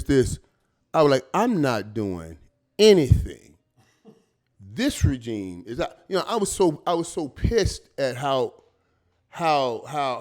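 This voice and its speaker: Here a middle-aged man, once a pro football player, is an interview guest sharing stories in casual, animated conversation. He often repeats words, uses "man" and "dog" a lot, and speaks at a medium pitch.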